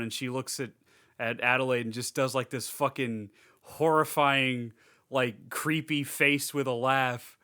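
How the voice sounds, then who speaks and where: A man's voice: mid-range voice, steady tone, normal speed, sharp tone, smooth. A young man recapping a movie in casual podcast chat, rambling with lots of fillers and swearing freely. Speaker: podcast co-host.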